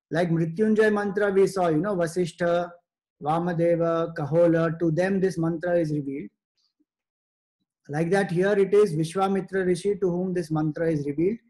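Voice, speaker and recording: High-voiced man teaching scripture. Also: a little mellow. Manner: measured, explanatory, short phrases with pauses. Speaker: spiritual teacher. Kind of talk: spiritual discourse.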